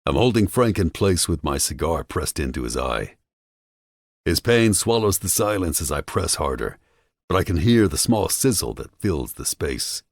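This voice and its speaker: A man narrating a first-person audiobook with a dark, menacing delivery, recorded on a close studio mic. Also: low voice, very animated, moderate pace, no echo.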